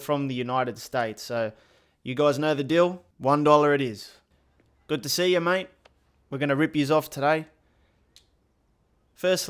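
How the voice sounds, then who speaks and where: A man's voice: fairly high pitch, clear, resonant tone. A man giving casual, joking commentary over a football video game. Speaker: gaming youtuber. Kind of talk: gameplay commentary.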